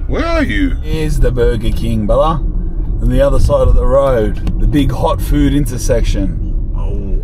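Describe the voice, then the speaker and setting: A young man filming a casual travel vlog, talking in excitable slang and calling the viewer bro, cuz and lad. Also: mid-range voice, slight background noise. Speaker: travel vlogger.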